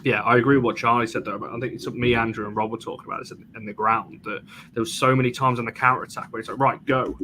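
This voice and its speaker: A chatty man hosting a fan panel, his voice bright and a little forceful. He restarts phrases often as he talks, and a faint hiss sits under him. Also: mid-range voice, steady tone. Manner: chatty, halting, frequent restarts. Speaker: host. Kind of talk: casual chat.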